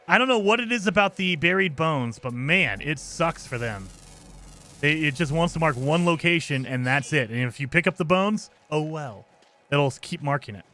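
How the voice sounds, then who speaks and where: This gaming streamer's voice is fairly high, bright and forceful. He chats casually as he plays, explaining his moves and grumbling at setbacks, and sometimes sounds out of breath while running.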